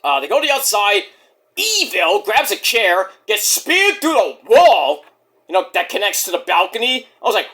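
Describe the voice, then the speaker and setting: A man's voice: high voice, sing-song, moderate pace, sharp tone. A man giving a casual, profane review of a wrestling show, ranting and acting out what people said. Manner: profane, ranting, acts out quotes.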